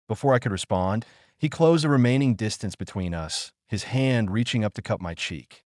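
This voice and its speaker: A man reading a first-person story in a smooth, even, unhurried way. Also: lowish voice, no echo, clean studio sound.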